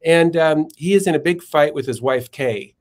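A man's voice: a little high, normal speed. A male philosopher and author, a guest on a podcast, telling stories thoughtfully and sometimes searching for words. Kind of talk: podcast interview, storytelling.

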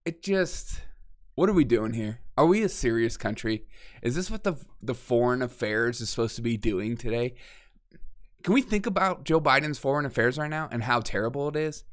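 A man's voice: mid-range voice, lively intonation, normal speed. A man hosting a casual political opinion show, talking in a mocking, exasperated way, laughing often and acting out the quotes he makes fun of. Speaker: political commentary host.

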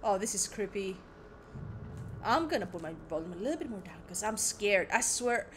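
A woman's voice: medium pitch, expressive, normal speed, background noise. A young woman commenting casually while playing a game, jumpy and chatty, mocking herself. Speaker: gaming streamer. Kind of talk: casual let's-play commentary.

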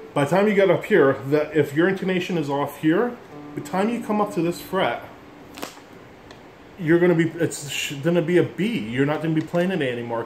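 A middle-aged man giving a casual music lesson, explaining bluntly and rambling, calling himself an ass for it. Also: on the high side. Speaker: instrument teacher. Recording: echoey room with instrument playing.

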